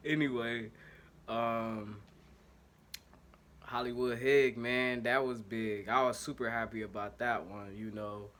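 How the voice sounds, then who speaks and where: Animated but slow, with long pauses, this mid-range male voice sounds pushed and bright against a little hiss or hum. The speaker, a sports podcast host from Ohio with the local accent, riffs on fan commentary in slangy style from a home mic in one take, self-correcting and apologetic about tech issues.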